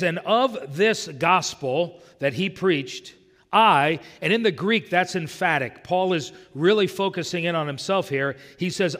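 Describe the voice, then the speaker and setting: Preaching in a church sanctuary, a US pastor with a fairly high pitch and fairly bright tone speaks earnestly, relying heavily on quoted scripture. A long reverb tail follows his words through the room.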